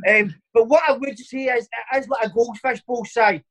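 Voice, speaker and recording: A man's voice: extremely high pitch, steady tone, a little fast, a bit bright, low-quality recording. A man with a Glaswegian Scottish accent hosting a podcast, cheeky and teasing, telling sweary stories. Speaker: podcast host, ex-footballer. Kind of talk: casual chat.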